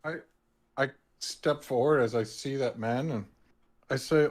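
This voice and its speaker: A man playing a tabletop game, speaking as his character in a flowery, flattering way. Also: mid-range voice, a little slow. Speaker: player. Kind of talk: in-character tabletop role-play.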